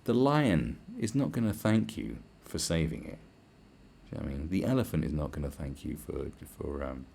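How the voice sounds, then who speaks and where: A man's voice: extremely low pitch, sing-song, normal speed, creaky, dark tone, slight background noise. A man hosting a podcast, delivering a crude, sarcastic solo rant full of swearing and mocking put-on voices. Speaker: podcast host. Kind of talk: ranting monologue.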